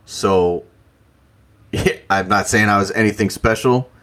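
A young man co-hosting a sports podcast, chatting loosely and swearing freely. His voice sits on the low side, with an easy, joking delivery. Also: slow pace, a bit bright. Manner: profane, laughing banter. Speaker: podcast co-host. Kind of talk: casual sports chat.

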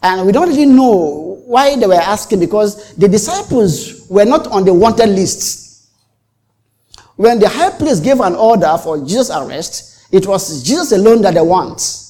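A preacher with a mellow, animated, medium-pitched voice moves through his sermon at a measured pace. Dramatically, he acts out the quoted exchanges and repeats and restarts phrases for emphasis.

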